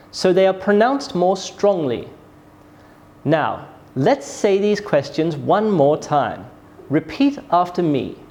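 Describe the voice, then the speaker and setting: A dark-toned, medium-pitched voice gives scripted classroom instruction in English pronunciation. The teacher models sentences by exaggerating their rises and falls with care.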